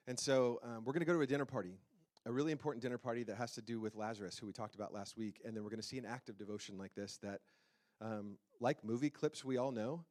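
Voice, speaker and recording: In a church sanctuary, a pastor with a mid-range voice preaches into a handheld microphone. His sermon is loose and conversational, full of playful chatter and frequent questions put to the congregation.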